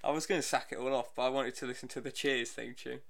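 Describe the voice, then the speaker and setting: A man's voice: mid-range voice, fairly even intonation, fast talker, gravelly. A man co-hosting a comedy podcast, bantering in casual chat and giggling with mock exasperation. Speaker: podcast co-host and editor.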